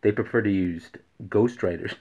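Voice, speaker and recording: A man's voice: lowish voice, moderate pace, dark tone. A man hosting a daily joke vlog who repeats each riddle and laughs at his own punchlines. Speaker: host. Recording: dull lo-fi recording.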